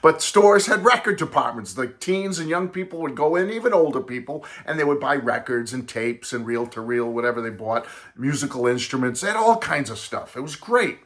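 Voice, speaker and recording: A man in his sixties hosting a vlog, telling a nostalgic personal story in a chatty, animated way, talking straight to his viewers. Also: mid-range voice, a little fast, few pauses. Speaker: vlog host and record collector.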